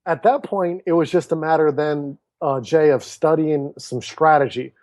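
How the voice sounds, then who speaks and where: With a voice on the high side at a moderate pace and no echo, this thirty-something author and speaker recounts his story as a guest on a casual podcast interview. He's an animated storyteller, performing the quoted dialogue of the people involved.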